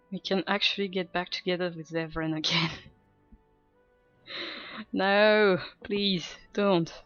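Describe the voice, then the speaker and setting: A woman streams a game and chats in a slow, hesitant, self-mocking way, with plenty of laughs. Her voice is slightly low and recorded dry and close. The sound is dull and lo-fi, with faint game music underneath. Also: steady tone, a bit bright, no echo. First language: French. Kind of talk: casual gameplay chat.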